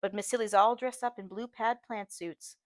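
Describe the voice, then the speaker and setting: A woman's voice: medium pitch, normal speed, dry recording. Woman reading a novel aloud, dry. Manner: steady, earnest storytelling. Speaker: audiobook reader, teacher. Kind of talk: first-person audiobook narration.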